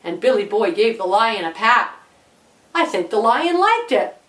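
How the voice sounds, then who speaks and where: A woman telling a children's story in an animated, dramatic way. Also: mid-range voice, measured pace, roomy sound. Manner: animated, dramatic, gasping with wonder. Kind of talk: storybook narration.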